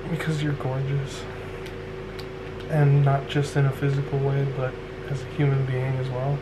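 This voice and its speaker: A man's voice: mid-range voice, completely flat delivery, normal speed. A man chatting affectionately on a casual vlog, laughing often. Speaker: boyfriend. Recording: clear background hiss.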